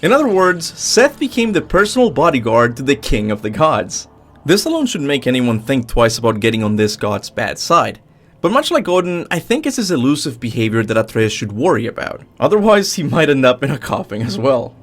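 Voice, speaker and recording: A man hosting a gaming channel, reading a scripted top-ten commentary with upbeat emphasis. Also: fairly quick. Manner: lively, swooping pitch with upbeat emphasis.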